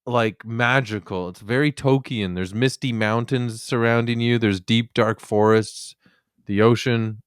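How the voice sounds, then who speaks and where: A man chats on a podcast, telling tour stories in a relaxed, playful way. His voice is smooth and clear. The sound is dry and close, with no room echo. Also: mid-range voice, a little slow. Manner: relaxed storytelling with playful asides. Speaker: podcast co-host, comedian. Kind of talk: casual podcast chat.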